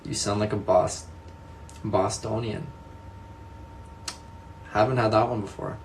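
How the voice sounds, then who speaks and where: A man's voice: lowish voice, steady tone, takes it slowly, pauses often, a little hiss or hum. A young man chatting casually with viewers, answering their comments one by one, echoing his own answers and laughing often. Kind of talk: casual live chat.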